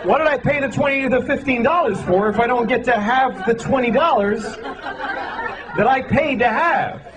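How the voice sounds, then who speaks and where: A man's voice: very high voice, moderate pace, rough recording. A man doing a stand-up comedy set on a club stage, exasperated and profane, mocking himself as he talks. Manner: exasperated, profane, self-deprecating. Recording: loud crowd laughter, live club noise. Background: crowd laughter.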